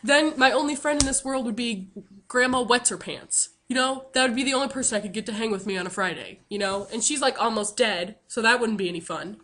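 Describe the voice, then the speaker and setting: Bright, chatty young-sounding woman telling a story. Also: on the high side, brisk, slight background noise. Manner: chatty and self-mocking, many fillers. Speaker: vlogger. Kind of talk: comic storytelling to camera.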